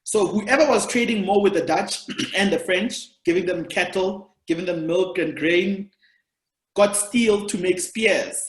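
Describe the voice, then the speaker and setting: A man's voice: sits high, unhurried. A South African man hosting a podcast, chatting casually and rambling through long explanations of history. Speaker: podcast host, comedian. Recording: roomy echo.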